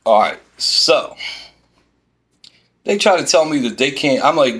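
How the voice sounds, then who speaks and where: A man's voice: mid-range voice, a little slow, pauses often. Exasperated man ranting. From Philadelphia. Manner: exasperated, animated storytelling with quoted back-and-forth. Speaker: vlogger. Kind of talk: ranting storytime vlog. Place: inside a parked van.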